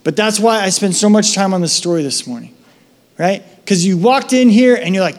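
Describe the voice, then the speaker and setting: A man pastor preaching a sermon, telling stories with lively acted-out voices and dropping soft for reflective moments and prayer. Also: sits high, a little fast. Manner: animated storytelling, acting out voices in his anecdotes.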